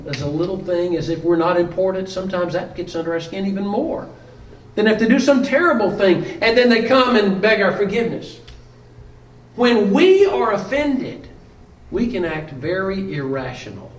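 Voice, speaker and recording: A man's voice: high voice, reverberant, far from the mic, rough recording. A middle-aged man preaching a sermon in a plainspoken, conversational way, asking rhetorical questions and restarting his sentences.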